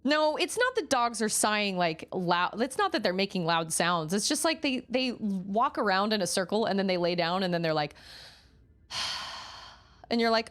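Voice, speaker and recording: Woman game streamer at home, desk mic, chatty, animated pitch, sudden surprised yelps. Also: normal speed. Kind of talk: casual gaming chat.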